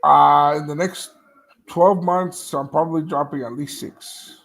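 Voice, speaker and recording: A man's voice: on the high side, fairly even intonation, a little slow, creaky, fairly bright tone. A man, a dog breeder, talking casually about his dogs and litters, laughing easily and trailing off mid-sentence. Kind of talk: casual chat.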